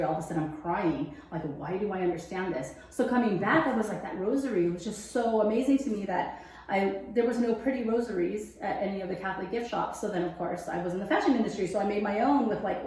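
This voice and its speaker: A woman's voice: mid-range voice, a little mellow. A woman in casual conversation, telling her story with animation and acting out her own past thoughts. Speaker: guest sharing faith testimony. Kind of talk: casual interview chat. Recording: very echoey room.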